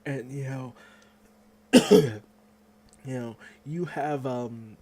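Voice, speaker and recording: A man giving a casual, excitable manga chapter review, swearing freely and acting out the characters' lines. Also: medium pitch, drawn-out words, slight background noise.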